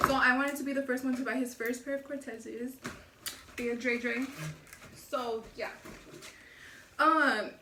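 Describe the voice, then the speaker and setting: A young woman with a somewhat high voice tells a casual, profane storytime, acting out quotes with animated slang. The low-quality mic sits back from her in an echoey room with a faint hiss. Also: a little slow, long pauses, distant mic. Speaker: vlogger. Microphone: low-quality camera mic.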